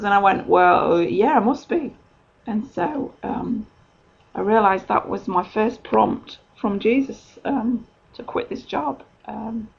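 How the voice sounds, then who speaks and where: Husky, gravelly woman telling her story. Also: medium pitch. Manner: chatty storytelling, many ums. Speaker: podcaster. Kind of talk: personal faith testimony. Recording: dull lo-fi recording.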